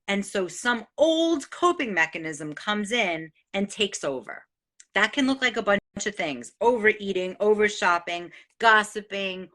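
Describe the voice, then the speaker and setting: A middle-aged woman from New gives an excitable, profane motivational monologue as the host. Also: mid-range voice. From New York. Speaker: host sharing life advice.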